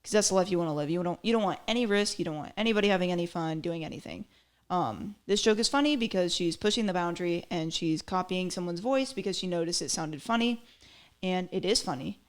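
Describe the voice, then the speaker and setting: A woman's voice: fairly low pitch, quick pace. A woman hosting a podcast, giving chatty, opinionated commentary with lots of fillers. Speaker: podcast host. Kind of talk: casual commentary.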